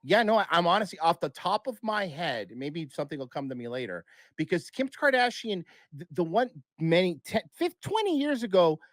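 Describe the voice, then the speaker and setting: A man's voice: sits high, sing-song, brisk, hardly any pauses, no echo. A man talking as a podcast guest in casual chat, blunt and profane, rambling with restarts.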